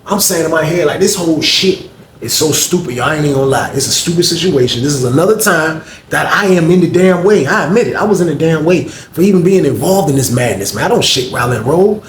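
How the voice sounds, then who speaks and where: Male storyteller, casual slangy vlog delivery, slightly high voice, echoey room. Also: quick pace, a little hiss or hum. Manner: animated, profane street slang, addresses viewers directly.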